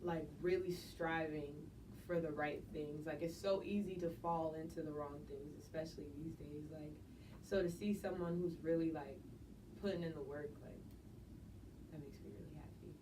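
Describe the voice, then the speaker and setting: A young woman from New Jersey, guest artist in a casual interview, laid-back and quick to laugh, saying "like" a lot. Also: low-pitched, fairly even intonation. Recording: distant mic with faint noise.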